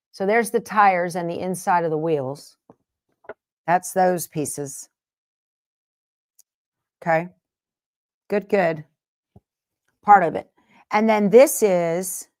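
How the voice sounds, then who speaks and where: A woman's voice: lowish voice, takes it slowly, long pauses, darkish tone. A woman hosting a sewing livestream, chatting casually with viewers and rambling from one topic to the next. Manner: rambling, jumps between topics and interrupts herself.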